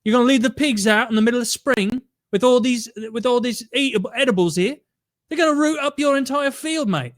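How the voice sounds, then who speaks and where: Guy doing a high-pitched gruff british farmhand, snapping and blunt. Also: a little fast, a bit bright. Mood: scolding. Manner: scolding, blunt. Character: gruff young British farmhand scolding his boss.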